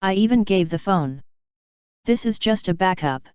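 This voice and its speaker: A woman reading a gentle, soft-spoken young woman who is secretly scheming, in an audiobook. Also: mid-range voice, lively intonation, normal speed, smooth, no room sound, lo-fi sound, lightly acted. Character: young woman, sweet-seeming but scheming sister.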